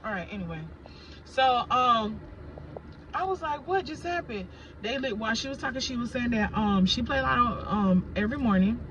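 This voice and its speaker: A woman vlogging outdoors, casually telling a story to camera with animated asides to her viewers and blunt, salty language. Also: a little high, moderate pace, highs cut off, a little hiss or hum. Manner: chatty, animated retelling with frequent asides to viewers. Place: outdoors in sunlight.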